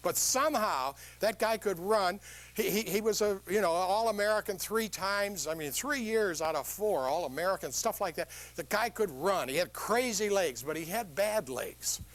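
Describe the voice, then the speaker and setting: A man's voice: sits high, normal speed. An older man giving a humorous motivational talk to a live audience, telling stories and asking the crowd questions. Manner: animated storytelling, quizzes the audience with questions. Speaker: motivational speaker.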